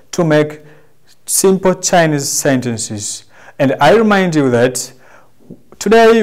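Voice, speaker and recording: A man with a Tanzanian accent teaching a language lesson, carefully demonstrating sounds and explaining them slowly to his students. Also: on the high side, a little mellow.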